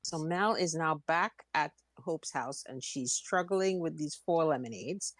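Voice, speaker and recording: A woman co-host with a low, deep voice, chatting casually through a show recap. She laughs easily and agrees warmly, and her voice sounds dry and close to the mic. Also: measured pace, no echo. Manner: laughs along, agreeable responses. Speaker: podcast co-host.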